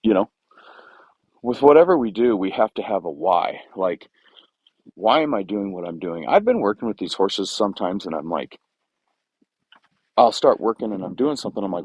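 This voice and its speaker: A man's voice: on the low side, moderate pace, pauses often, breathy edge, no room sound, lo-fi sound. A young man training a horse in a round pen, explaining casually with lots of fillers and restarts. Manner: relaxed, rambling with many fillers and restarts. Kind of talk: casual explanation while working.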